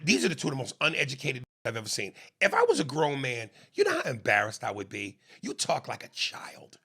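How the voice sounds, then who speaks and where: A man co-hosting a podcast, ranting comedically with an animated delivery and mocking impressions. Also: mid-range voice, brisk, husky. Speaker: podcast co-host. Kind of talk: comedic rant.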